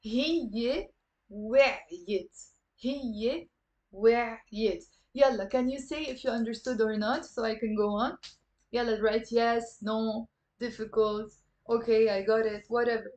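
A woman from Lebanon, a native speaker of Lebanese Arabic, teaching a live online lesson. She repeats words slowly and coaxes viewers to say them back. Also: a little high, fairly even intonation, a little mellow, highs cut off. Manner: patient, drills words aloud, coaxing viewers to repeat. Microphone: computer camera mic.

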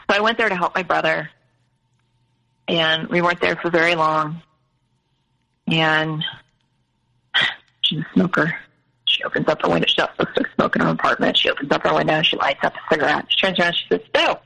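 A woman's voice: on the low side, steady tone, moderate pace, vocal fry, pauses often, bright, forceful tone, poor audio. A young woman candidly recounting a painful family story, quoting others in her own voice. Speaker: guest telling her story. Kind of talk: personal storytelling.

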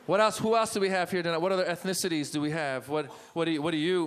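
A middle-aged man born in Iran, doing a stand-up set with crowd work on a comedy club stage, animated and quick to slip into loud put-on voices. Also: a little high.

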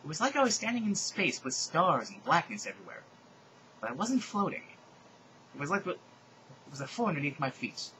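A man's voice: on the high side, big pitch swings, a little fast, long pauses, bright, forceful tone, slight background noise, low-quality recording. A man hosting a comedic reading of fan fiction, with sardonic, exasperated asides.

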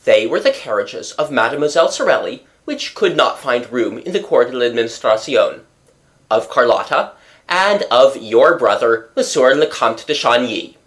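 A reader voicing a self-satisfied police commissary who questions and lectures in a measured way. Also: medium pitch, very animated, close to an everyday voice. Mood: probing. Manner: measured, lecturing, pleased with himself.

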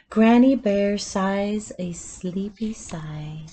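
A woman reading a picture book aloud at storytime, in a slow, soothing bedtime manner. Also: mid-range voice, darkish tone. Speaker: storytime reader.

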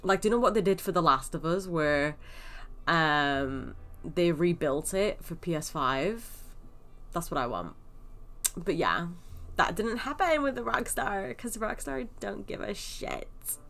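A young woman casually chatting and rambling through gameplay commentary as a gaming channel host, with sudden excited squeals. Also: on the low side, measured pace.

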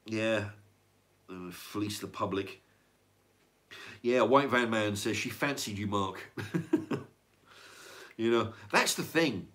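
Speaking extremely slowly with frequent pauses, an older livestream host has a lowish, slightly bright voice. He reads viewer comments in a casual, rambling chat, repeating words and using profanity.

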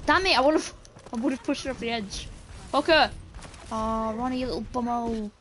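A young British woman streaming a team game and chatting with her teammates, with sudden shouts and playful swearing. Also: fairly high pitch, a little fast, slight background noise. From Britain. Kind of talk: live gameplay chat.

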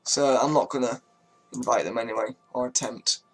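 A man's voice: mid-range voice, fairly even intonation, moderate pace, a bit bright, husky, soft background music. Chatty man narrating strategy gameplay. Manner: chatty, swears freely, talks to his units. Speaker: gaming YouTuber. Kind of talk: casual strategy-game commentary.

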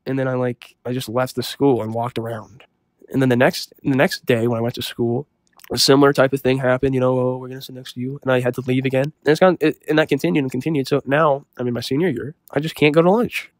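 A young man telling a comic story in a deadpan, self-serious, rambling way. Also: medium pitch, quick pace, no echo, studio quality. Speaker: comedy storyteller. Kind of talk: deadpan comedic story monologue.

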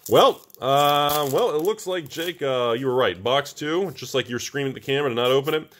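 A man hosting a casual vlog, joking and getting excited as he opens card packs, calling his viewers folks. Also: medium pitch, moderate pace, a little hiss or hum. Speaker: channel host opening card packs.

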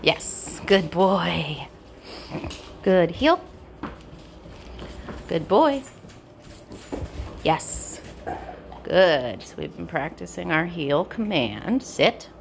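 A woman dog trainer explaining a training session in casual narration at home, switching between high bright praise for her dog and low quiet explanation. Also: sing-song, extremely slow, gravelly, long pauses, slight background noise. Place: indoors at home with pets.

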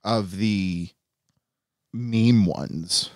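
A man's voice: fairly low pitch, extremely slow, a little mellow, dry recording, clean studio sound. A man co-hosting a podcast in casual chat, joking and slipping into put-on accents. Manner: jokey, slips into put-on accents and voices. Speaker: podcast co-host.

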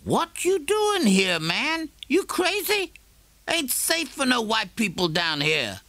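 A man voicing a wry, streetwise man who talks in a sly, slow drawl. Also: very high-pitched, wildly swooping pitch, bright, forceful tone, dry recording, voice pushed up, full character voice. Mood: incredulous.

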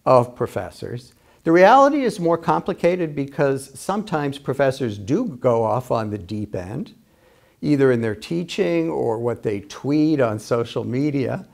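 A male history professor as an interview guest, explaining ideas in a measured, lecturing way, laying out arguments point by point. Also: mid-range voice, gravelly, darkish tone. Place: UMass Amherst.

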